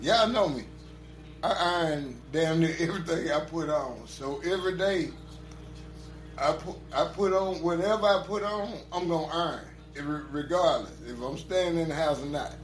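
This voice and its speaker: A man's voice: on the high side, normal speed. Laid-back man telling stories, echoey room. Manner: laid-back storytelling, laughs often. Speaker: podcast co-host. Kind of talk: casual chat.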